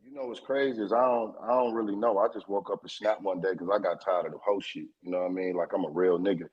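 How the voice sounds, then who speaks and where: A man with a husky, slightly raspy voice tells his side of a story as a podcast guest. He talks loosely and profanely and circles back with lots of fillers. The recording sounds dull and lo-fi. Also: sits low, steady tone, fast.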